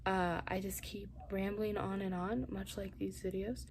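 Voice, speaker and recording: Young woman rambling on about her writing, mid pitch, bit of faint hiss behind. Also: flat delivery, unhurried, darkish tone. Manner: rambling, thinking aloud, drops to whispers. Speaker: writing vlogger. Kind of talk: casual chat to camera.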